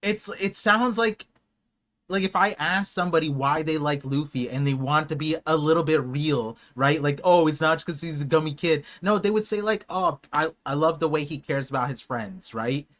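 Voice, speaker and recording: A young man streaming a live watch party, reacting with excited, emotional outbursts that swing between hushed awe and loud shouts. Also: fairly high pitch, normal speed.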